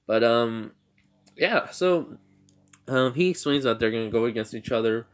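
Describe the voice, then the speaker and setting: A man casually retelling his own fan-made story, rambling and halting with lots of fillers and restarts. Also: mid-range voice, expressive.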